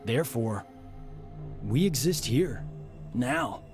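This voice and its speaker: A man's voice: mid-range voice, animated, slow, faint music behind. An actor voicing an easygoing young man in a game who talks casually and sums things up. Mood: thoughtful.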